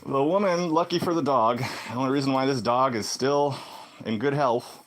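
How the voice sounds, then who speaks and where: A man telling a personal story in a casual vlog monologue, swinging between loud exclamations and low muttered asides. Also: moderate pace. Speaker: vlogger.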